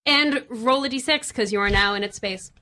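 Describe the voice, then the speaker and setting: A woman's voice: on the high side, moderate pace, sharp tone. A woman running a tabletop game as game master, narrating casually with giggles and fillers.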